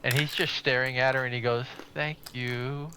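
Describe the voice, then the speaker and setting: A man co-hosting a gaming livestream who tells amused stories in a halting way. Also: mid-range voice, level tone. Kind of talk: casual chat while gaming. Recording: faint background noise.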